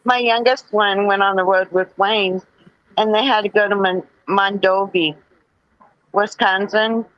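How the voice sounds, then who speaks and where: A woman's voice: mid-range voice, fairly even intonation, unhurried, no room sound, dull audio. A woman telling a short anecdote in a matter-of-fact way. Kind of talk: casual storytelling.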